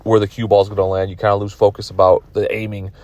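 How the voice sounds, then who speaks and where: A man's voice: fairly low pitch, level tone, fast talker, darkish tone, dry recording, highs cut off. A tired man commenting on his own pool match from his car, rambling and self-critical. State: tired, yawning. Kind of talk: casual video commentary.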